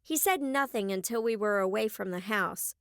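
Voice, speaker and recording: A woman narrating a first-person young adult novel as an audiobook, clear and expressive on a close mic. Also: medium pitch, moderate pace, no echo.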